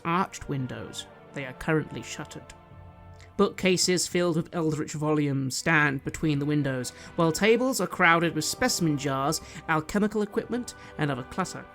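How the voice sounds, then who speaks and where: Unhurried game master narrating over music. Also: medium pitch.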